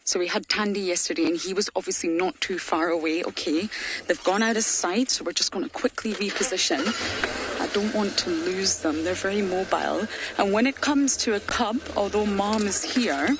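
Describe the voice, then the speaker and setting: A woman safari guide giving live game-drive commentary from an open vehicle, chatty, laughing often, at times hushed to a whisper. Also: medium pitch, moderate pace. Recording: engine and outdoor ambient noise.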